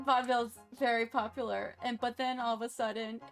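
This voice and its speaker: A woman's voice: a little high, level tone, a little fast, fairly bright tone, soft background music. A woman hosting a casual history chat, giggly and loose, laughing between points as she explains. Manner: giggly, loose, drinking while she talks. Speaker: podcast host.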